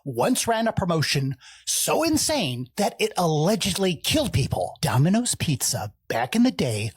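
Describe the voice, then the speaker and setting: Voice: mid-range voice, very animated, normal speed, breathy edge, no echo. A narrator telling a story in a wry, incredulous voice-over.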